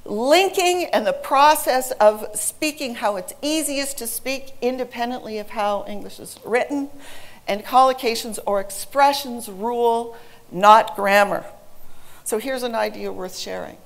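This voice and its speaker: A woman in her forties, an English teacher, giving a presentation to an audience with lively, humorous storytelling. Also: on the high side, measured pace.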